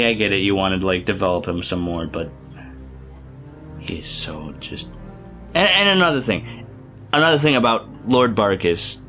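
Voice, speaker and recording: A man's voice: on the low side, fairly bright tone. A young man casually reviewing a favorite film in a rambling, enthusiastic vlog, full of fillers and restarts. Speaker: youtuber.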